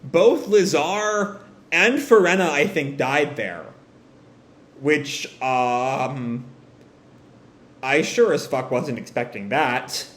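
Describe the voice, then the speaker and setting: A man doing a live read-through of a comic and reacting to it in a casual, animated way, swearing freely. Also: on the high side, takes it slowly, long pauses, echoey room.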